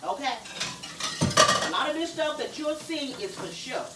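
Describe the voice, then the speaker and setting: A woman's voice: high voice, expressive, normal speed, heavy background noise. Churchy woman chatting from her kitchen. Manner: preachy and repetitive, calls viewers y'all, adds amen. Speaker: faith vlogger. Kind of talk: casual chat with viewers while cleaning. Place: home kitchen, doing dishes. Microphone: camera propped up and moved around.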